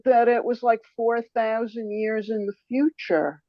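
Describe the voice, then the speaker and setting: A woman in casual group chat, talking slowly and hesitantly with wry asides. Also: on the high side, fairly even intonation, lo-fi sound. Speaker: regular panelist.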